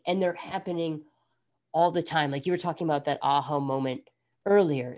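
A woman in her thirties hosting a podcast, chatting casually and reflectively with many asides. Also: low-pitched. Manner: reflective, rambling, animated. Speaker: podcast host. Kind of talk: casual chat.

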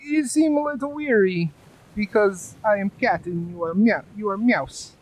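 A man voicing an earnest male cat-folk outcast who talks haltingly and drops little words. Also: sits high, a little hiss or hum, close to an everyday voice, poor audio.

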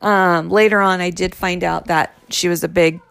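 A woman's voice: lowish voice, steady tone, normal speed, vocal fry, fairly bright tone, clear, resonant tone, dry recording. A middle-aged woman telling the story of her ex-husband's affairs in a candid, exasperated way, acting out what people said to her. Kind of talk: casual personal storytelling.

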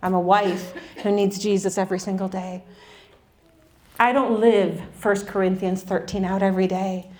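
A woman's voice: medium pitch, level tone, normal speed, a little mellow. A woman in her forties giving an earnest, candid faith talk with touches of self-deprecating humor. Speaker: Christian speaker.

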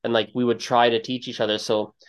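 A man hosting a casual podcast interview at an ordinary middle pitch. He tells stories in a loose, meandering way and acts out quoted lines with big leaps in pitch. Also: little pitch movement, quick pace, clean tone. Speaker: podcast host.

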